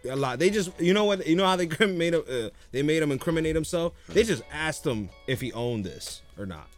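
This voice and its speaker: A man talking in a loose, casual chat, telling stories and laughing as he goes. He swears freely and keeps it easygoing. Faint music plays softly underneath. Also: a little high, animated, a little fast. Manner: laid-back storyteller, swears freely, laughs often.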